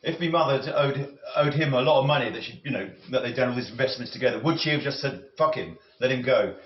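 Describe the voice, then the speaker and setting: A man rambling and musing as he cooks, with many halting restarts and self-corrections. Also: medium pitch. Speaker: cooking vlogger. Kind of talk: rambling talk while cooking. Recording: roomy, slightly dull audio with faint noise.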